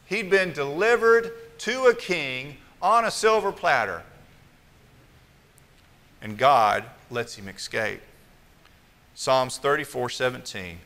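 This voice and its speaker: A man preaching a sermon, telling stories in an animated way that swings between loud and hushed. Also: medium pitch, slow, long pauses, big-room sound. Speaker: pastor.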